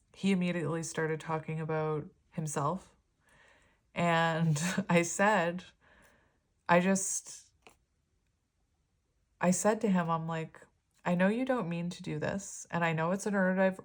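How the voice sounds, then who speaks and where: A chatty woman giving a tarot reading straight to camera. Her voice sits a little low for a woman, and she rambles through her thoughts with fillers and small laughs. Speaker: tarot reader.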